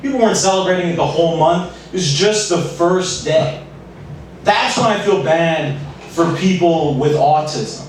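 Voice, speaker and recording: A man doing a self-deprecating stand-up set at an open mic with a dry, deadpan delivery. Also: on the high side, moderate pace, a little hiss or hum. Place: small comedy club stage. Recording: echoey room, far from mic.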